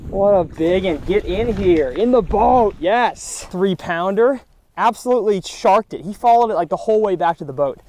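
Excitable man cheering on bass. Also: moderate pace. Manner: excitable, exclaims and talks to the fish. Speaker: fishing channel host. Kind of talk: excited fishing vlog commentary. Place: outdoors on a boat on the water.

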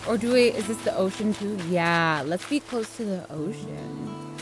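A young woman hosting a gameplay video, giggling and gushing with excitement as she plays. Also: medium pitch, measured pace, music in the background. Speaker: gaming video host.

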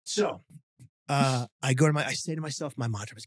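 A man's voice: mid-range voice, a little fast, dry recording, studio quality. A man, a podcast guest telling a funny story with acted-out quotes. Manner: animated storyteller, acting out quotes.

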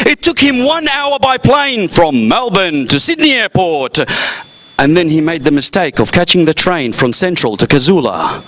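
A man's voice: sits high, a bit bright. A man on a festival stage announcing the host with grand, joking hype. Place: festival stage before a live audience.

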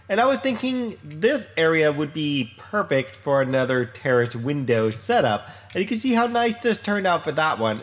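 A man talks casually over his own gameplay in a somewhat high, lively voice that swoops up and down. He rambles, stops and restarts, and pokes fun at himself as he goes. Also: a little hiss or hum. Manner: chatty, rambling, self-deprecating, frequent fillers and restarts. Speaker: Minecraft let's play host.

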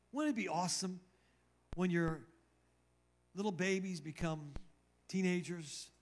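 Pastor guy with a pretty high voice, preaching, leans hard on repeated lines. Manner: retells scripture dramatically, repeats key phrases for emphasis. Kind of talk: sermon. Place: church.

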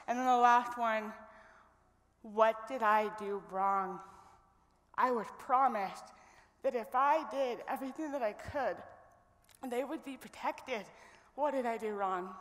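A woman's voice: mid-range voice, a bit bright. A young woman from Idaho telling an earnest, reflective personal story as a guest speaker on stage. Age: young adult. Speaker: guest speaker at a women's event. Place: stage in a large hall. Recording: long reverb of a large hall.

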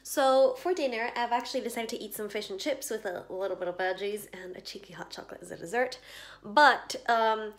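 A tired woman talks to camera at home in an easy, rambling vlog manner. She laughs often and sometimes slips into a soft whisper for her asides. Her voice sits at an ordinary middle pitch for a woman. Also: a little fast. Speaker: vlogger. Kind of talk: casual rambling vlog chat. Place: at home indoors.

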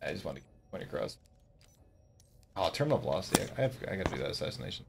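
Low-voiced man teasing over game chat. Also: very animated, very fast, gravelly, noisy background. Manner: laid-back, teasing, laughs often. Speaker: gamer on voice chat. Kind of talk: casual gaming banter.

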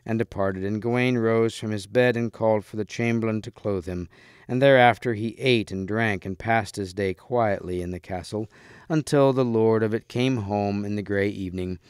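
A man reads a story aloud in a calm, even way. His voice is low and smooth. The recording is close and dry, with no room sound. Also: normal speed, no room sound. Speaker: reader. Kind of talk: storybook read-aloud narration.

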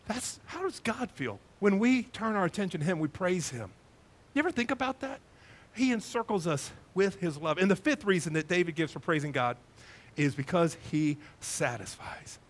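A man, a pastor preaching a sermon in a church, lively and conversational, telling stories to his congregation. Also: high-pitched, moderate pace. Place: church sanctuary.

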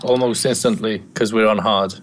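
A man chatting while playing a game, teasing and sarcastic in an everyday mid pitch. A faint hiss sits under his voice. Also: fairly even intonation, moderate pace. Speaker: gamer. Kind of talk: casual gaming chat.

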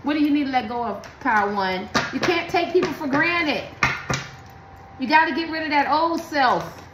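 A woman's voice: high voice, animated, normal speed, echoey room, background noise. A woman giving a blunt, emphatic tarot reading, talking in slang and preaching to her viewers. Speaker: tarot card reader.

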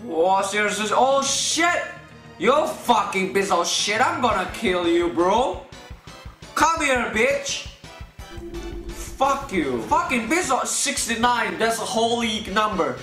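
A man hosting a let's play, excitable and swearing constantly, with loud panicked outbursts. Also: high-pitched, takes it slowly. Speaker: gaming channel host. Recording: roomy room sound with faint game music. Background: faint game music.

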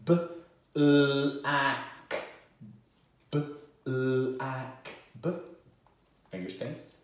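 A man teaching a children's phonics lesson, sounding out words slowly and cheering the children on. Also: medium pitch, flat delivery, slight background noise. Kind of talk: home-learning phonics lesson. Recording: very echoey room.

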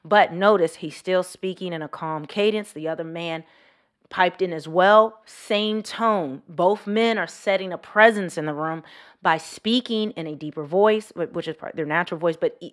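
A woman vlogger giving emphatic reaction commentary, slowing down and lowering her voice to drive points home. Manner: emphatic, drops to slow low tone for emphasis.

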